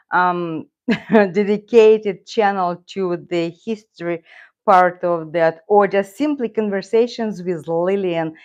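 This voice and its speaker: A woman's voice: mid-range voice, lo-fi sound. A middle-aged woman with a Russian accent, chatting casually and rambling on a live stream. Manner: rambling, talks to her cat and viewers. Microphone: loose clip-on mic.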